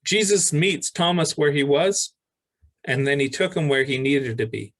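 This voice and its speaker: A male pastor preaching a sermon, reading scripture aloud with pauses and restarts. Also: a little high, fairly bright tone, rough recording.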